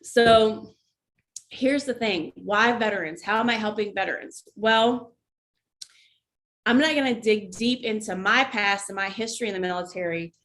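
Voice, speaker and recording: A woman's voice: mid-range voice, moderate pace, fairly bright tone. A woman who is an army veteran, talking candidly and conversationally to her viewers in a casual vlog, often breaking off for asides. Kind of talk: casual talk to camera.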